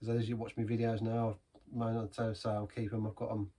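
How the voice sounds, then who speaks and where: A man's voice: fairly low pitch, flat delivery, brisk, dark tone. A man giving a casual, rambling beer review in a pub, chatty and self-deprecating.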